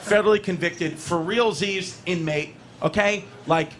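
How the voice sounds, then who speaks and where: A man in his thirties with a New York accent tells a comic story, swearing freely and laughing through his own punchlines. His voice sits a little high for a man. The recording carries clear background noise. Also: moderate pace, a bit bright. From New York City. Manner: profane, rambling, laughing through his lines. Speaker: comedian. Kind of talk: comedic storytelling. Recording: noisy played-back recording.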